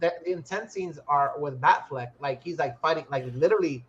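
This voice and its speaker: A Puerto Rican man co-hosting a podcast, telling a movie story in lively casual chat and switching between English and Spanish. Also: a little high, fairly quick, slight background noise. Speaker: podcast co-host. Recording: dull lo-fi audio.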